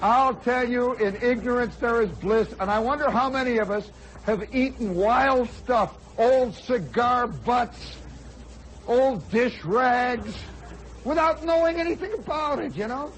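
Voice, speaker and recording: High-voiced man spinning a comic yarn. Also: measured pace, rough recording. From United States. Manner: animated, acts out voices, shouts for comic effect. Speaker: radio host and storyteller. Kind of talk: spoken storytelling monologue. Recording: old radio broadcast with faint crowd and noise.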